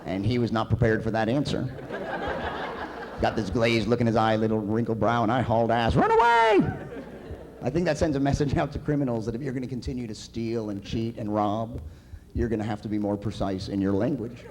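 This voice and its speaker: A man's voice: lowish voice, steady tone, brisk, noisy background. A male comedian performing a stand-up set live on a community center stage, with a dry, wry delivery.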